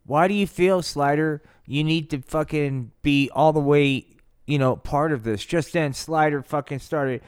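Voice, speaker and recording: A man's voice: a little high, unhurried, smooth, no echo, studio quality. A man hosting a podcast, telling an improvised comedy story in a rambling, profane, slang-filled way. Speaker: podcast host.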